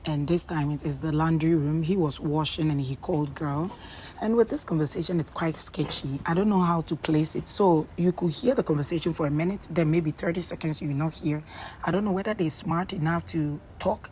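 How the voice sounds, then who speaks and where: A woman's voice: sits low, darkish tone, a little hiss or hum, rough recording. A woman casually recapping a reality show, chatty and full of ums and pidgin asides.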